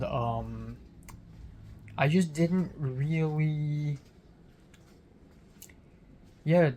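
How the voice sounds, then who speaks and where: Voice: medium pitch, darkish tone, a little hiss or hum. A vlogger talking through their day in a casual late-night video diary, rambling with lots of fillers and restarts, swearing casually and sounding a little lispy from a sore tongue.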